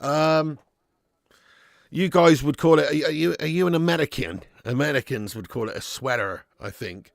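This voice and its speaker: A man's voice: a little high, normal speed, vocal fry, no echo, clean studio sound. A man hosting a live football watch-along stream, bantering and laughing as he reads out viewer messages.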